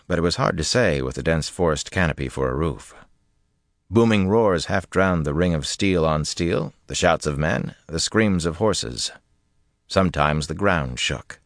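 Deep-voiced man narrating an audiobook. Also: dry recording, clean studio sound. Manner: measured, expressive storytelling. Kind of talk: scripted fantasy narration.

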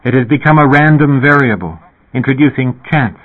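A man with a husky voice voicing an impassive boy with god-like foreknowledge who speaks in a measured, solemn way. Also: mid-range voice, lively intonation, pitched above the performer's own voice. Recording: tinny phone-like sound.

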